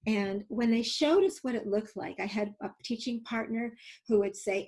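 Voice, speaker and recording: A woman's voice: mid-range voice, little pitch movement, measured pace, low-quality recording. A woman presenting an instructional webinar, telling stories and explaining techniques, often hesitant with fillers and restarts. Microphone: video call.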